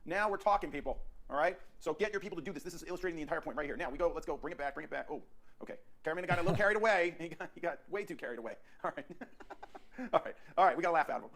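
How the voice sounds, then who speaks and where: A man teaching portrait posing in his photo studio, directing a subject with energetic, repetitive coaching. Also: a little high, gravelly. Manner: rapid, energetic coaching with frequent restarts and repeats.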